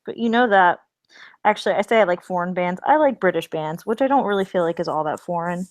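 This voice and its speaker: A woman co-hosting a podcast in casual chat, giggly and sarcastic in quick banter. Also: lowish voice, dry recording. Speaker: podcast co-host.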